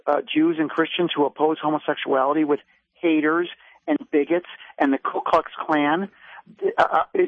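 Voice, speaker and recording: Male radio guest, slightly high voice, indignant, tinny phone line. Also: dry recording. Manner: indignant, emphatic argument. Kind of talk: phoned-in talk radio commentary.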